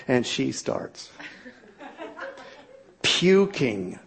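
A man's voice: high-pitched, big pitch swings, takes it slowly, pauses often. A middle-aged man telling a humorous personal story to an audience in a self-mocking, exaggerated comic way.

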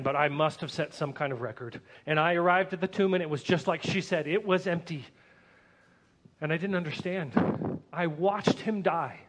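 In a high voice, a man narrates a dramatic first-person tale with earnest emotion, his excitement rising whenever the story turns tense.

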